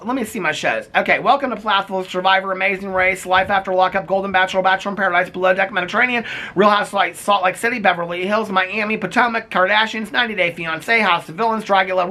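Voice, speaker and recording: Middle-aged male vlogger, bright forceful voice, gossipy recap host who laughs a lot. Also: high voice. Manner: animated and gossipy, laughs often, repeats catchphrases. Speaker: reality TV recap YouTuber. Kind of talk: casual chatty recap to camera.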